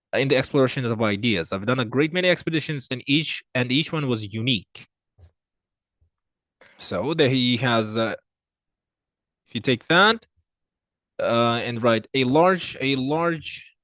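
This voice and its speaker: A man teaching an exam reading lesson, working through answers aloud with frequent fillers, restarts and swings in pitch and loudness. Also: no room sound. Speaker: IELTS tutor. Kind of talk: screen-recorded reading lesson.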